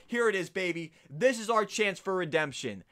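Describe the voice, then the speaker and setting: A man's voice: high voice, animated, normal speed. Young man raging over a video game. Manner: swings from pleading murmurs to furious yelling. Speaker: gaming YouTuber. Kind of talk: raging gameplay commentary. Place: home room. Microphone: desk microphone.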